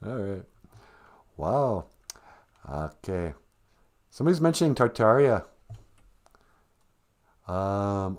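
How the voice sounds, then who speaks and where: A man's voice: lowish voice, very animated, slow, long pauses. An older man hosting a livestream in a loose, rambling way. He wanders through old memories and cracks jokes. Now and then he reads comments from the chat aloud. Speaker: livestream host.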